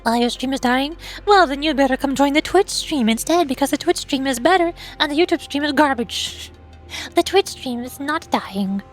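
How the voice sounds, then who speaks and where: Casting: a high-voiced woman streamer, chatty and joking, thinking out loud. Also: lively intonation, normal speed, soft background music. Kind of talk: casual live-stream chat.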